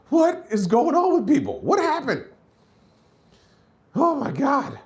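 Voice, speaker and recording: A man doing a stand-up comedy set, acting out characters in high shouted voices and dropping to low mutters between bits. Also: wildly swooping pitch, takes it slowly.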